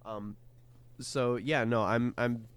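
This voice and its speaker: A man's voice: mid-range voice, fairly even intonation, takes it slowly, clear, resonant tone. A young man co-hosting a podcast in casual chat, talking hesitantly with many fillers and restarts. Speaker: podcast co-host.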